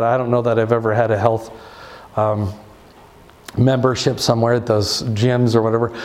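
A man's voice: fairly high pitch, a little mellow. Man giving a conversational church lesson. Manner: conversational, rambling with restarts and asides. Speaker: pastor. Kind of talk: church teaching talk.

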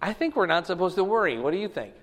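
A man's voice: high voice, sing-song, quick pace, big-room sound. A male pastor preaching, reading scripture aloud with rising emphasis and explaining it in a casual way, asking the listeners rhetorical questions. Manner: asks the audience rhetorical questions. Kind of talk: sermon.

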